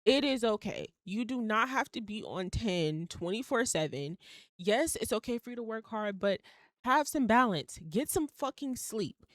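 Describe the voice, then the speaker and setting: A young adult woman hosting a casual solo podcast, blunt and animated, swearing freely as she talks herself through things. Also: on the high side, moderate pace, no room sound, clean studio sound. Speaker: podcast host.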